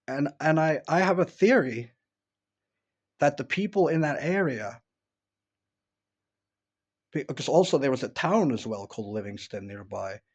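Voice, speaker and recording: A man's voice: medium pitch, darkish tone, dull audio. A man from upstate New York talking casually at home, rambling through his memories with many false starts. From upstate New York, USA. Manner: rambling, many restarts and fillers. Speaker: vlogger. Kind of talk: casual personal monologue. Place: at home, indoors.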